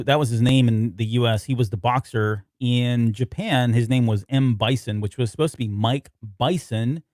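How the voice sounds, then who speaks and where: A man's voice: mid-range voice, a little mellow, no room sound, clean studio sound. A man co-hosting a casual podcast, talking loosely and reading notes aloud as he goes. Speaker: podcast co-host.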